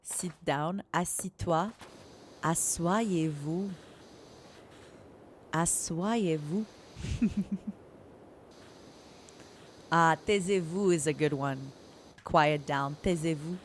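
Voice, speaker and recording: A soft-spoken woman streamer talks with her viewers in a relaxed, unhurried way, her voice sitting fairly low. She giggles often and slips easily between English and French. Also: a little hiss or hum. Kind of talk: soft-spoken casual chat while gaming.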